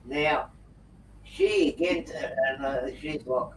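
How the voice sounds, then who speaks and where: A man tells a lively prank story on a group video call. His voice sits in the middle range. It comes through a distant computer mic in an echoey room with a faint hiss behind it. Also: mid-range voice, slow pace. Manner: animated yarn-spinner, prankster humor.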